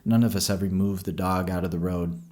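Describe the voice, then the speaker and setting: A man narrating a horror story in a slow, measured storytelling voice. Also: low-pitched, level tone, darkish tone.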